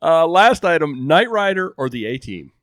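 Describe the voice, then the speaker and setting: Male podcast host, lively pitch, leads the questions. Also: normal speed, no echo, clean studio sound. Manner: animated, asks round questions. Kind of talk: casual podcast chat.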